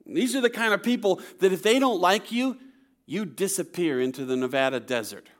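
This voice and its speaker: A pastor delivering a sermon in a slightly higher-pitched male voice. He keeps it conversational, breaking in with asides and checks of "okay?" to his listeners. Playful humor runs through his teaching. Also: animated, a little fast. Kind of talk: sermon to a congregation.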